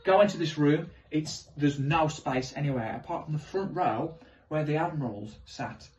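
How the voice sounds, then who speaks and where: A man doing animated, self-mocking stand-up storytelling on stage. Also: on the high side, moderate pace, far from the mic, lo-fi sound, slight background noise. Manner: animated, self-mocking, swings into loud exclamations. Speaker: stand-up comedian.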